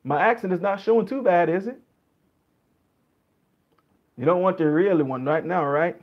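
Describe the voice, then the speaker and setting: A relaxed Jamaican-accented man talking with his livestream viewers in a loose, chatty way. His voice sits a little high. The stream audio is dull and lo-fi. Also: moderate pace. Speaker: livestream host. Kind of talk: casual livestream chat with viewers.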